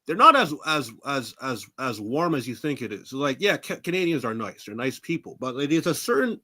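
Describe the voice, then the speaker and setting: A man from New York City, a wrestler guest, telling stories in a casual interview, animated, acting out the voices he quotes and laughing often. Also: mid-range voice, normal speed.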